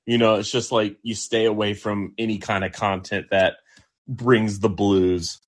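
A man's voice: on the low side, level tone, measured pace. Joking male podcast co-host. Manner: joking, teasing. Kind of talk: casual sports podcast chat.

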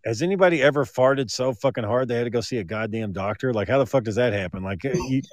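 A man's voice: mid-range voice, quick pace, no echo. A man chatting casually and swearing freely while telling crude workplace stories. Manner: profane, storytelling. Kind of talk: casual chat.

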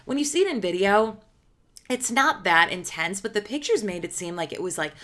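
A woman's voice: medium pitch, big pitch swings, normal speed, bright, forceful tone. Woman podcaster from Illinois, casual gossipy recap voice, filler-heavy delivery. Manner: chatty, gossipy, with frequent filler words. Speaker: podcast host.

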